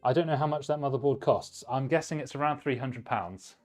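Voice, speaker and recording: A man's voice: medium pitch, fairly quick, a little mellow, soft background music. A man hosting a live stream, chatting casually and giving blunt hardware advice while he works on a build. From United Kingdom. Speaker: livestream host, PC builder.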